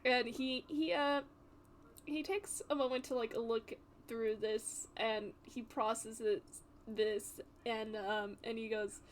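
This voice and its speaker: A woman player narrating her character in a tabletop game, halting and laughing often. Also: fairly high pitch, fairly even intonation, a little hiss or hum.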